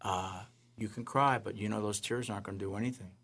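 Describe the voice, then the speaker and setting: A calm, authoritative God speaks in a low, hushed and measured voice, as a man telling his story puts him on. The words come steady and unhurried. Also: creaky, husky, exaggerated voice.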